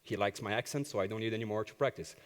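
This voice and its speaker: On a conference hall stage, a man who works as an agile coach gives a talk, telling personal stories and animatedly acting out the dialogue. His voice is fairly low and he races along, with the sound of a large hall around him.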